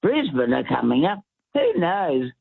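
A man's voice: fairly high pitch, wildly swooping pitch, a little slow, vocal fry, slightly rough, no room sound. A man from Western Australia with an Australian accent, calling in to chat casually and rambling as he hunts for words. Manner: chatty, rambling, loses his words. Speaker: caller. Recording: tinny phone line.

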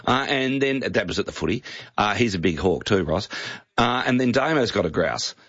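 A man's voice: fairly low pitch, expressive, normal speed, a bit bright, dry recording. An Australian man co-hosting a casual radio show, jovial and enthusiastic. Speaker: radio co-host. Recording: dry, slightly muffled radio studio.

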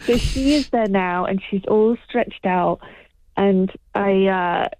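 A woman calling into her husband's radio show, teasing him in a relaxed, just-woken way. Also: medium pitch, slow, dry recording. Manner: teasing, sleepy, laughing. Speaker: host's wife calling in. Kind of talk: casual phone chat. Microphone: phone. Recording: dull phone line.

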